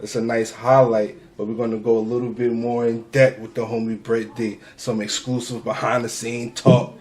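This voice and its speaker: A man's voice: medium pitch, little pitch movement, moderate pace, darkish tone. A man hosting a podcast interview, laid-back and slangy, closing out the show. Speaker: podcast host. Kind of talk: casual interview chat.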